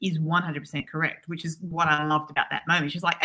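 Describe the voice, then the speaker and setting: A woman co-hosts a podcast chat with a lowish voice that is husky yet bright and sharp. She speaks bluntly and firmly about her opinions. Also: flat delivery, fast talker. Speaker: podcast co-host. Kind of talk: casual chat.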